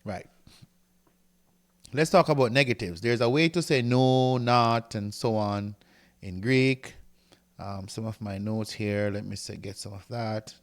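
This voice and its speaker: A man's voice: lowish voice, unhurried. A man teaching a recorded grammar lecture, explaining step by step and often checking in with "right?" while he reads from a textbook and writes on a board. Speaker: Greek teacher.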